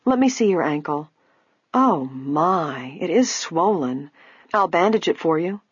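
A woman reading an audiobook, voicing a kind, brisk young female detective who talks reassuringly. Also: on the low side, animated, husky, no echo, heavily acted. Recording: dull, lo-fi, dry.

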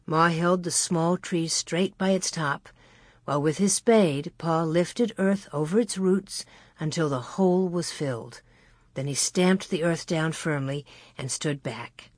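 An audiobook narrator with a low voice reads a children's novel aloud in a measured, even storytelling manner. The scripted narration has clean studio sound with no echo.

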